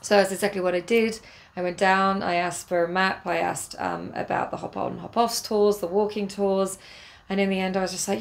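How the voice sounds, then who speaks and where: English woman with a gravelly voice. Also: mid-range voice, level tone, moderate pace. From England. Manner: rambling, many fillers and restarts; spiritual, earnest. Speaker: travel vlogger. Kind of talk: casual spoken travel diary.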